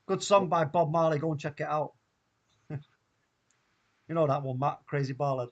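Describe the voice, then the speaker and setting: Excitable Mancunian man hosting a watchalong. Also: fairly high pitch, normal speed, lo-fi sound. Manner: excitable, reacts loudly to play. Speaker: watchalong host. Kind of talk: live football watchalong commentary.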